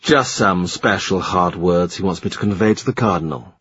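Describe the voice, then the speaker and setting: A man reading the lines of a shrewd, dry-witted middle-aged statesman in a measured, wry way. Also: deep voice, fairly bright tone, husky, dry recording, pitched below the performer's own voice. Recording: slightly muffled dry recording.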